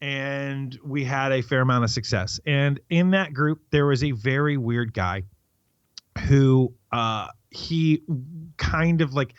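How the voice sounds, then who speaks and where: A man's voice: mid-range voice, slow, clear, resonant tone, no echo. A middle-aged man co-hosting a movie podcast, telling long rambling stories in casual chat. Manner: rambling storyteller, chatty and self-interrupting. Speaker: podcast co-host. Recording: dry, slightly dull lo-fi sound.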